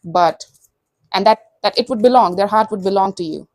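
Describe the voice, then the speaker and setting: A woman's voice: mid-range voice, brisk, no echo. A woman giving a casual tarot reading to camera, blunt and sassy, acting out imagined thoughts. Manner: sassy, blunt, acts out quoted inner voices. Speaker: tarot reader.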